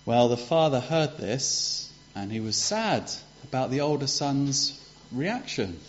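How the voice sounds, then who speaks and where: A man speaks slowly and with animation at medium pitch, retelling a parable in a conversational style for his congregation. As a preacher giving a children's talk, he asks rhetorical questions; the recording is dull and lo-fi.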